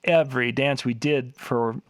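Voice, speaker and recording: A man's voice: medium pitch, steady tone, unhurried, no room sound. A man co-hosting a DJ show in casual chat, talking hesitantly with many fillers. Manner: hesitant, lots of filler words. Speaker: DJ co-host.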